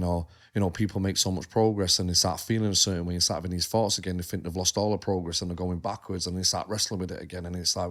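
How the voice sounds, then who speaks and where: A man's voice: sits low, fairly even intonation, fast, few pauses, fairly bright tone. A man, a coach co-hosting a podcast in casual chat, blunt and sweary, often repeating himself as he talks.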